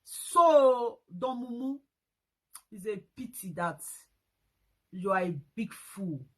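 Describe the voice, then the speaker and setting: A woman's voice: medium pitch, animated, takes it slowly, slightly rough, rough recording. A Nigerian woman vlogging a scolding rant, repeating her points and mixing in pidgin slang. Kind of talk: ranting commentary vlog.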